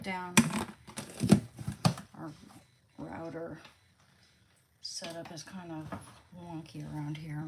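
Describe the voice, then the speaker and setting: Livestreamer, female, lowish voice, unhurried, soft coos and whispers to her pet, casual chat with viewers, noisy home recording. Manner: coos and whispers softly to her dog, then chats loosely with viewers. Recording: clear steady background noise.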